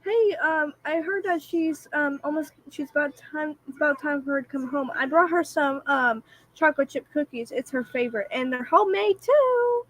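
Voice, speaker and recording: A woman's voice: high-pitched, moderate pace, no echo, lightly acted. A woman playing shy, hesitant Max. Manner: hesitant, full of ums. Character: Max, a shy young visitor bringing homemade cookies.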